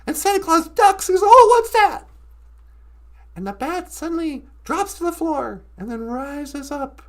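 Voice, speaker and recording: Woman, storyteller host, playful, laughing, slow, casual. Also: very high-pitched, a bit bright. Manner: playful, laughing, self-correcting.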